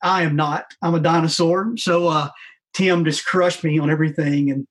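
A man's voice: fairly high pitch, fairly even intonation, moderate pace. A man in casual chat, easygoing and self-deprecating.

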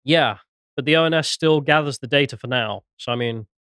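A man's voice: medium pitch, a little fast, fairly bright tone, clean tone, dry recording, studio quality. A young British man hosting a casual podcast, chatty and self-mocking, often laughing at himself. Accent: British English. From Britain. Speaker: podcast host.

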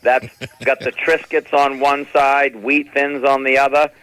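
A man's voice: medium pitch, a little slow, clear, resonant tone, no echo, poor audio. A middle-aged man doing stand-up comedy, telling family stories and slipping into impressions of his relatives. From New England. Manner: animated, slips into impressions of relatives.

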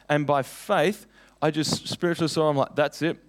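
A man's voice: on the high side, normal speed. A young man preaching a sermon, telling personal stories in an earnest, conversational way.

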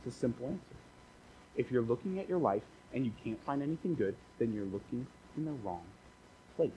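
A man's voice: medium pitch, expressive, brisk, warm tone, slight background noise, poor audio. A man preaching a casual, conversational sermon as a pastor, repeating phrases for emphasis and dropping joking asides.

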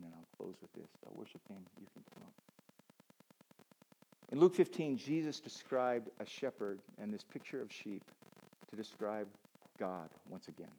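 A man preaching a sermon, animated and joking, often repeating words as he stumbles. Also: on the low side, a little hiss or hum, rough recording. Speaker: pastor.

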